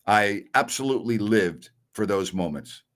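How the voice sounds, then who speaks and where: A man's voice: on the low side, lively intonation, normal speed, a bit bright. A middle-aged man hosting a sports talk stream, answering viewer messages bluntly and with strong opinions. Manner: blunt and opinionated, scoffs at callers.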